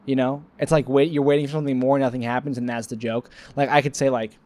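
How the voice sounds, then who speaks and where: A man's voice: medium pitch, flat delivery, fast, few pauses, darkish tone. A man rambling sleepily to the camera in a solo vlog, goofy and self-mocking, playing with silly wordplay. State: sleepy, yawning. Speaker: vlogger.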